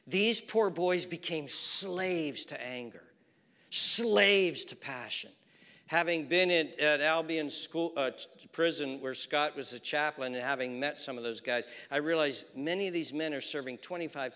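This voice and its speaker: A middle-aged man preaching a sermon with dramatic swings from loud to a hushed near-whisper, repeating phrases for emphasis, recorded in a church hall with a long reverb. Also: a little high, lively intonation, unhurried. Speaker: pastor.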